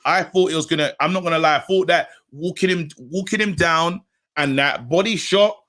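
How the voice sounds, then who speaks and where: A man's voice: a little high, a little fast, a bit bright. A man co-hosting a podcast, chatting animatedly and acting out quotes between laughs. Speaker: podcast co-host. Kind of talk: casual boxing chat.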